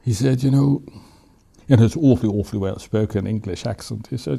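An Irish man with a gravelly, mellow voice tells his own story in an interview. He sounds reflective and wry, and a laugh often slips into his words. His speech stays easy and unhurried, like someone thinking back as he goes. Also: lowish voice. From Ireland. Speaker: author and interview guest.

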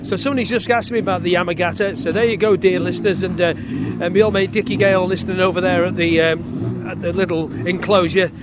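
A man with a high voice talks fast and jokily as he roams a race paddock, grabbing riders for a chat. He is recorded outdoors, with clear background noise around him. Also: steady tone. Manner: brisk, chatty, jokey. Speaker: trackside motorcycle racing reporter. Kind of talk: roving paddock interview.

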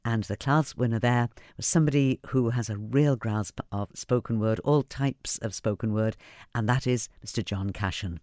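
A man presenting festival highlights in a relaxed, chatty way, pausing on fillers between items. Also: no echo, studio quality. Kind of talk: casual presenting.

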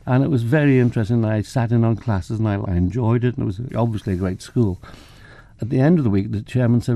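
A man's voice: mid-range voice, lively intonation, quick pace, vocal fry, mellow, dry recording. An older man from England, a photographer and professor, telling anecdotes in an interview and acting out the dialogue. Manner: anecdotal, acts out quoted dialogue, self-deprecating. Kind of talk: relaxed interview storytelling.

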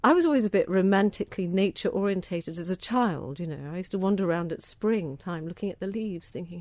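A woman's voice: mid-range voice, lively intonation, normal speed, few pauses, darkish tone, no room sound. A middle-aged woman with a southern English accent, answering interview questions about a cause she cares about in an enthusiastic, chatty way, often repeating words as she starts a thought. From southern England. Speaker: interviewee, organic food campaigner.

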